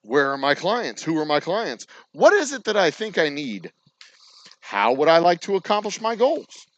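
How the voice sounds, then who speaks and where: A man's voice: on the high side, big pitch swings, normal speed, no room sound, lo-fi sound. A man with a Texan accent running a distillery's channel, ranting sarcastically with lots of swearing and mocking imitations. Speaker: distillery owner hosting a channel. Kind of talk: ranting casual talk to camera.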